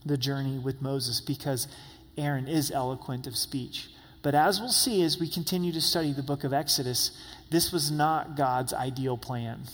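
A man preaches a sermon in a slightly high voice that rings out with a long echo. He lifts his voice for emphasis and drops it low when he voices the people he quotes. The sound is that of a large hall. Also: a bit bright. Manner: preaching with emphatic rises, voicing God and Moses in quotes. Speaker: pastor.

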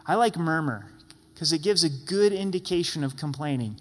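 A man preaching a sermon in a lively way, playfully acting out grumbling voices. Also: fairly high pitch, moderate pace. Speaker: pastor. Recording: long hall reverb.

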